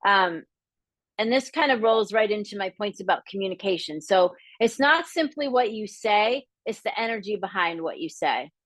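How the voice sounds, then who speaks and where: A middle-aged woman from the area, teaching a live masterclass in a candid, lively way, acting out the voices she quotes. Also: medium pitch, moderate pace, dry recording. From Boston area, Massachusetts. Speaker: business coach.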